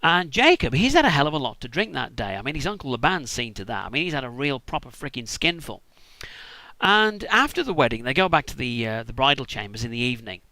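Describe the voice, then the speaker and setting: A man's voice: mid-range voice, sing-song, quick pace, sharp tone, no echo. A British man rambling through a crude, irreverent comic Bible retelling at home. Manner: profane, rambling, irreverent asides. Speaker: storyteller.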